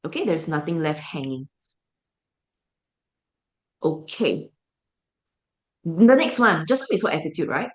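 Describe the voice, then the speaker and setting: A woman's voice: sits low, big pitch swings, measured pace, pauses often. A woman with a Singaporean English accent teaching an English class online, explaining with rhetorical questions to the students.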